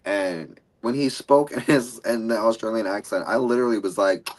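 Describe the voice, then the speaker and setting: A man's voice: lowish voice, moderate pace, low-quality recording. A man co-hosting a casual chat, playful and emotional as he tells stories. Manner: playful, emotional, animated storytelling. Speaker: co-host.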